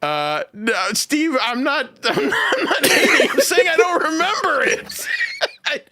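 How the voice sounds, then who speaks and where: A man's voice: very high voice, huge pitch swings, unhurried, sharp tone. A man hosting a casual comedy podcast, laughing often as he talks. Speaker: podcast host.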